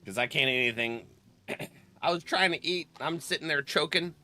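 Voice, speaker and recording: Bright-voiced chatty male streamer. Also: on the high side, normal speed, soft background music. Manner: chatty, laughs often between remarks; greets viewers by name. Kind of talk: casual live-stream chat.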